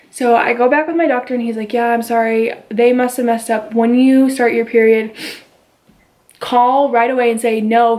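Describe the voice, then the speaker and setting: Young woman, slightly high voice, casual storytime vlog, animated retelling at home. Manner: chatty, animated retelling with quoted dialogue. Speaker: vlogger. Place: at home with her baby.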